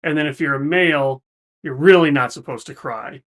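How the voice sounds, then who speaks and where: A man's voice: a little high, moderate pace, a bit bright. A man hosting a reaction video, explaining ideas in a thoughtful, casual way with frequent restarts. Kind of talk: casual commentary.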